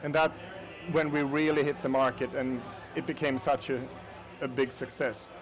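Against a crowd in the background and poor audio, a Swedish-accented man from Sweden gives a casual conference talk in a hall. His voice is medium-pitched and level at normal speed, and he chats directly to the audience with many fillers.

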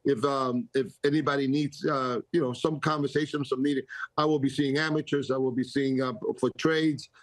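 A man's voice: medium pitch, steady tone, normal speed, no room sound. An older man, a guest on a casual radio interview, talks in a rambling, self-correcting way and laughs easily. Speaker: guest, baseball executive.

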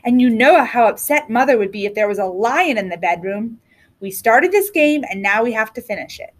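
Bossy young sister for a storybook read-aloud, higher voice, read by a woman. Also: lively intonation, a little fast. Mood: insistent. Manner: eager, bossy. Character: bossy determined girl, older sister.

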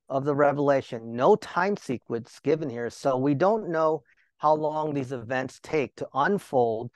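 A man's voice: mid-range voice, no echo. A male Bible teacher giving a sermon, talking to the listeners with rhetorical questions and joking asides.

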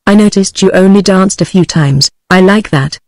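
A woman's voice: mid-range voice, normal speed, dry recording, lightly acted. A British female TTS voice reading a restless teenage girl. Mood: dreamy. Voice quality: even, mechanical text-to-speech delivery.

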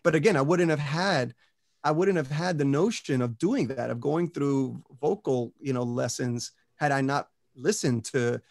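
Gravelly-voiced man, energetic motivational talk. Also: mid-range voice, unhurried, dry recording, clean studio sound. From Puerto Rico and the US. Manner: energetic motivational speaker, peppers talk with "right?" and "you know". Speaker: interview guest. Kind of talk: casual podcast conversation.

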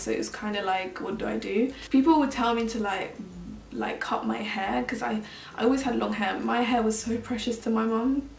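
Higher-voiced young woman vlogging from across a room. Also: vocal fry. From Mauritius. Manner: chatty, earnest, heavy use of "like". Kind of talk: candid personal story vlog. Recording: roomy sound, mic at a distance.

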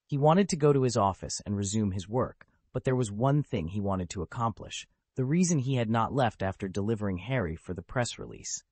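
A man reading a web novel aloud as an audiobook narrator, in steady storytelling. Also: on the low side, fairly quick, few pauses, no room sound. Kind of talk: scripted narration.

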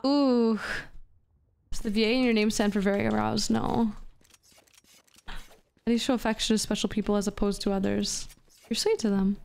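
A woman's voice: mid-range voice, level tone, fairly quick, creaky, long pauses, darkish tone, slight background noise. A woman streamer chatting casually with her live chat while gaming, profane, playful and flirty. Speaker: VTuber streamer.

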